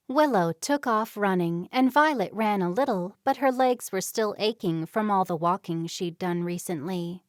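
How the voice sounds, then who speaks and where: Reading a novel as scripted narration, a medium-pitched woman keeps her delivery even and measured. She's an audiobook narrator, recorded with clean, dry studio sound.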